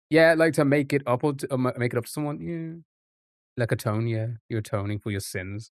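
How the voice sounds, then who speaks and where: A man streaming live, thinking aloud over a word puzzle with frequent pauses and restarts. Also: mid-range voice, dry recording, clean studio sound. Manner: halting, restarts often, muses aloud.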